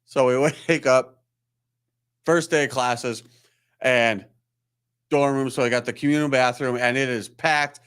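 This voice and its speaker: A man's voice: medium pitch, fairly even intonation, a little slow, pauses often, fairly bright tone, smooth. A man, a chiropractor hosting a live show, telling a rambling, self-deprecating story in casual chat. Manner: rambling, self-deprecating, acts out quoted voices.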